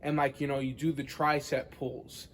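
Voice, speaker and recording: A man's voice: mid-range voice, level tone, normal speed, a little hiss or hum. A young man rambling casually to the camera in a vlog, full of filler words and swearing. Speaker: vlogger.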